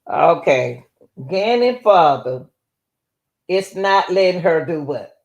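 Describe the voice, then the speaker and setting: A woman's voice: fairly low pitch, expressive, slow pace, creaky, darkish tone, muffled recording. A woman host talking casually and explaining step by step as she comments on a recorded call.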